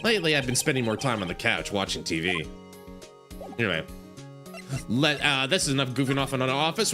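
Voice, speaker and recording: A man reading a game's text aloud during a playthrough, quick and joking, often laughing at his own asides. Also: medium pitch, lively intonation, sharp tone, faint music behind. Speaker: gameplay narrator. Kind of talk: game playthrough with read-aloud dialogue and jokes.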